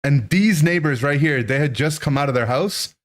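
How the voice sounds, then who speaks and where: A man in his thirties, a streamer, telling a childhood story to his chat in an animated, rambling way, full of "right?" and "like". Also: on the high side, moderate pace. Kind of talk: casual storytelling to a live chat.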